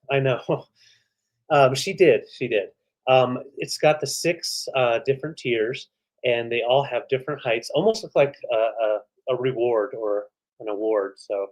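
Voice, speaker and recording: A man's voice: medium pitch, darkish tone. A man co-hosting a live vintage sale, easygoing, with many fillers. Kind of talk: live auction selling chat.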